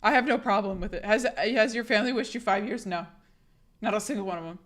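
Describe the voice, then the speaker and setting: A young woman streamer with a hoarse, husky sick voice, rambling casually to her chat and swearing a lot. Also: medium pitch, fast, fairly bright tone.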